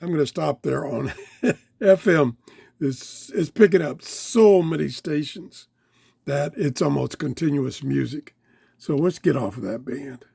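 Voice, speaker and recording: A man with a voice going hoarse, chatting excitedly as he tries out a small radio in his home office. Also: a little high, a little slow, no room sound. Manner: chatty, easily excited, talks while fiddling. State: losing his voice, throat-clearing. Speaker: radio reviewer. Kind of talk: casual hands-on product review. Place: home office full of electronics.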